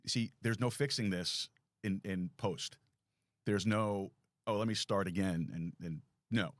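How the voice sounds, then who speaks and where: Rambling talk show host, low voice. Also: male voice, unhurried, dry recording. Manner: rambling, self-deprecating, lots of restarts. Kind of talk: casual live talk show monologue. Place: small home studio.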